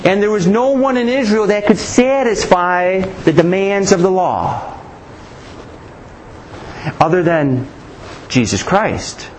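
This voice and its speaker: High-voiced male preacher teaching scripture. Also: animated, slow pace, long pauses, slight background noise, low-quality recording. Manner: rhetorical questions, frequent restarts. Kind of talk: Bible teaching sermon.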